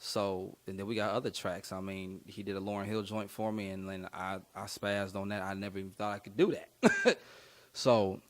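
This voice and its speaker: Young adult male rapper, lowish voice, casual rambling interview storyteller. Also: steady tone, normal speed. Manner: laid-back, slangy, rambling with many fillers. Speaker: rapper guest.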